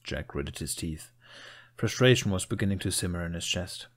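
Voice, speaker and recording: A man reading a fan fiction story aloud as narrator, in a steady, even manner. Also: deep voice, normal speed. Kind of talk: audiobook narration.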